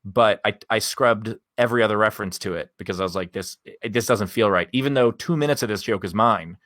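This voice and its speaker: Low-voiced man telling a rambling story. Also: quick pace, fairly bright tone, no room sound, clean studio sound. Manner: rambling, candid, swears freely. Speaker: guest comedian. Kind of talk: casual podcast storytelling.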